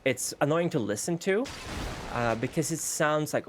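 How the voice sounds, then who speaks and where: A man's voice: on the high side, normal speed. Rambling Swedish-accented man streaming a game. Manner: rambling, restarts sentences, animated. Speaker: VTuber streamer. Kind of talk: casual gaming stream commentary. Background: faint background music.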